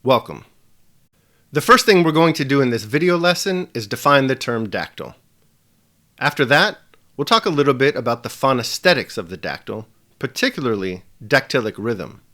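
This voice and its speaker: A man presenting a scripted video lesson with a measured, emphatic delivery. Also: mid-range voice, lively intonation, bright, forceful tone. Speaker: teacher.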